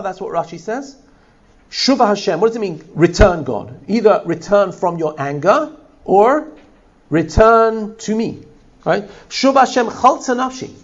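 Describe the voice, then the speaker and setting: A man's voice: high-pitched, dull audio. A man teaching a text-study class, translating line by line and checking in with his listeners. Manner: animated, translating line by line with frequent "right?". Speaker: Torah teacher.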